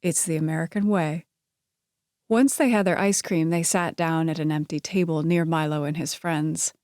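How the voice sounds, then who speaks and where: A woman reads a romance audiobook in an even, measured voice, pitched on the low side. She is close to the mic, and the sound is completely dry with no room around it. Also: no room sound. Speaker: audiobook narrator. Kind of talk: scripted narration.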